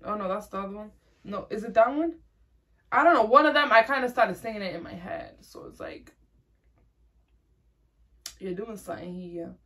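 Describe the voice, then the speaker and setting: A young woman from Rhode Island chats casually while reacting to songs. Her delivery is slangy and rambling, full of restarts. Her pitch sits in a middle range. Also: fairly bright tone. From Rhode Island, USA. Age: young adult. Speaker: music reaction host. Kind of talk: casual chat.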